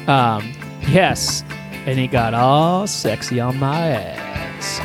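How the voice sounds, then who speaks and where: Over soft background music, a podcast co-host with a medium-pitched voice speaks slowly as he spins a story. The chat is casual, lively, and full of profanity and comic exaggeration played for laughs.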